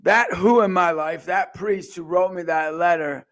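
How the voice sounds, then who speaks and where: An American man in his forties giving an impassioned faith testimony, swinging from quiet asides to loud acted-out quotes. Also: sits high, a little slow. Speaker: speaker. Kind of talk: personal testimony talk.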